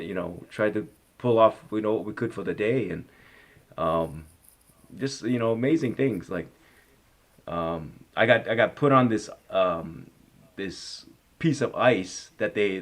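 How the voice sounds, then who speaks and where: A man in his fifties, an actor, telling stories in a casual interview; he rambles with lots of "you know" and "like" and grows animated as he relives them. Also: fairly low pitch. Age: 50s.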